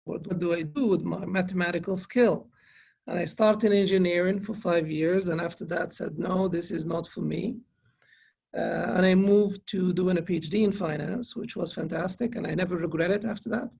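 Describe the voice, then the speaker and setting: A man's voice: high-pitched, fairly even intonation, normal speed, creaky, darkish tone, slightly rough. A man, a finance professor, giving an earnest conference lecture to students, often restarting his sentences. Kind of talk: conference presentation. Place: online conference.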